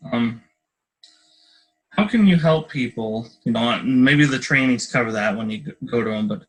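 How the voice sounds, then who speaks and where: A man hosting a podcast who asks questions in a gentle, halting way. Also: mid-range voice, rough recording. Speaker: podcast host. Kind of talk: interview questions.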